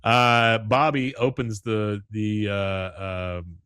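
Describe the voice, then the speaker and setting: A man hosting a podcast, recapping a cartoon episode in a relaxed chat and dipping into quick character voices. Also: on the low side, smooth, no room sound, studio quality. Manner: retells scenes with quick character voices, chuckling. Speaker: podcast host.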